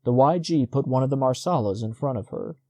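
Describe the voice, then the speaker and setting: A male audiobook narrator reading a short story at a steady, measured pace. His voice sits in a middle pitch with a warm, mellow tone. The recording is close and dry. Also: no echo. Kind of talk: scripted narration.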